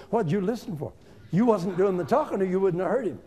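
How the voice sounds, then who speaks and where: An older male evangelist preaches in a folksy, conversational way, driving each point home with emphasis. His voice sits high for a man and leaps up and down all the time, and he keeps addressing the room directly. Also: animated, fast talker, a little mellow. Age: 70s. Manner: folksy, emphatic, conversational, talking straight to the audience. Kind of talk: informal seminar sermon.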